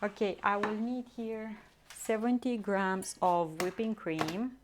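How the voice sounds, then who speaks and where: A woman talks her viewers through a recipe in her home kitchen, chatty and unhurried, often stopping to hunt for the right word. Her pace is slow and easy. A faint hiss sits behind the voice. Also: mid-range voice, fairly even intonation. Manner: chatty, addresses viewers, searches for words. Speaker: streamer cooking live. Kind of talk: casual live-stream cooking chat.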